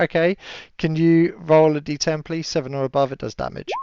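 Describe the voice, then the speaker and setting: A man running a tabletop game as game master, relaxed and chatty, laughing often and yelling enemies' cries in high voices. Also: fairly quick, few pauses, clean tone, dry recording. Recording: dull lo-fi stream audio, dry.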